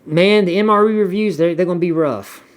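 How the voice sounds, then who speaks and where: A man's voice: high voice, brisk, clean tone. Rambling Southern man. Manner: rambling, repeats words, drawling asides. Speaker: YouTube vlogger reading viewer comments. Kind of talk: casual chat.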